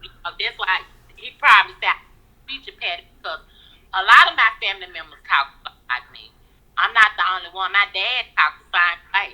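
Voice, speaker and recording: Slow-talking woman in her forties on the phone. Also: medium pitch, bright, forceful tone. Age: 40s. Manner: slow, drawling talk. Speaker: caller seeking a date. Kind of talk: casual phone conversation. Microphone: phone call. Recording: thin telephone line.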